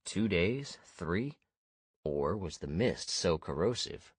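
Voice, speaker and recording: Man, low voice, steady audiobook narration, dry close recording. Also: slow pace, breathy edge, dry recording. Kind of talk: first-person fantasy audiobook narration.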